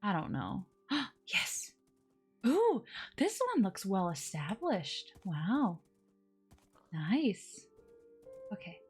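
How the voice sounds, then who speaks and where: Woman streamer chatting with her viewers while she plays, slow and easy, lots of little exclamations, soft music behind. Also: mid-range voice, wildly swooping pitch, slightly rough. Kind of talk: casual gameplay live stream chat.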